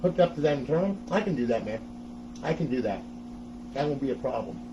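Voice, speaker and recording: A man's voice: mid-range voice, expressive, fast, muffled recording, background noise. Chatty, laughing man hosting a tech tutorial. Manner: chatty, laughs often, talks to viewers. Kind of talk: casual step-by-step tech tutorial.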